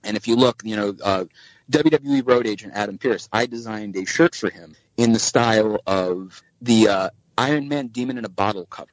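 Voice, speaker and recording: A man with a fairly low voice, appearing as a podcast guest, spins a long anecdote during casual conversation at a normal pace. He animatedly acts out the dialogue in different voices. The audio is poor but has no room sound.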